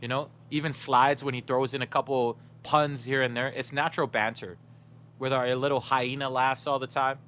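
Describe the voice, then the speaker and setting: A man's voice: medium pitch, little pitch movement, normal speed, a bit bright, slight background noise. A young man streaming a game, chatting casually with his viewers in a laid-back, slangy way and laughing often.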